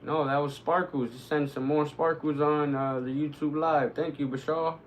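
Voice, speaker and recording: A man streaming live, commenting on his gameplay, who bursts into excited, cursing shouts at the action. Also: on the high side, normal speed, a little hiss or hum, low-quality recording. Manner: excitable, swearing, shouting reactions to the game.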